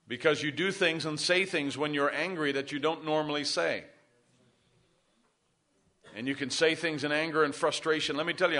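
Bright-voiced preaching pastor, a man. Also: on the high side. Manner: preaching with rising emphasis, asks the congregation for amens. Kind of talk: sermon.

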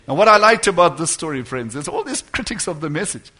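A man preaching a sermon, fervent and building to loud exhortation. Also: fairly high pitch, big pitch swings, quick pace, husky.

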